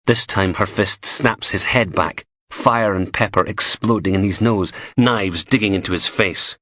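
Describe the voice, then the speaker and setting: Deep husky male audiobook narrator. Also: measured pace, hardly any pauses, sharp tone, dry recording, clean studio sound. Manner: gritty, profane, darkly comic. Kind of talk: scripted crime audiobook narration.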